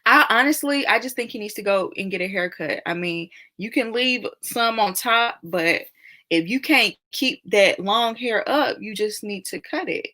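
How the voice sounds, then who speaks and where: A woman's voice: medium pitch, normal speed, pushed and bright. A young woman hosting a casual live stream, chatting and reacting to viewer comments with frequent laughter.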